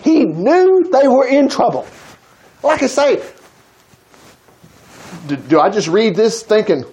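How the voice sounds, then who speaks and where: A man's voice: very high voice, slow pace, pauses often. A man preaching a sermon, reading scripture and stopping to comment in a folksy, conversational way to his congregation. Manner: animated, breaks into acted quotes.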